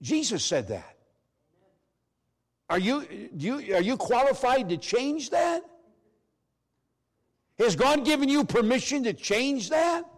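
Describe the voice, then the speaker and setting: Emphatic high-voiced male preacher. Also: very animated, slow pace, pauses often. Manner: emphatic, swings from loud to hushed. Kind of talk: sermon.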